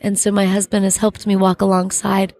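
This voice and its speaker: A middle-aged woman, an actress being interviewed, giving an earnest, halting faith testimony and searching for her words. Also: medium pitch, monotone, darkish tone.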